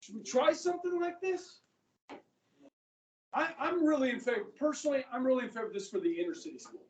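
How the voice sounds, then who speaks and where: A high school government teacher in his fifties lecturing a class in a chatty way, often checking in with the students. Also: expressive, fairly quick. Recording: echoey classroom from far off.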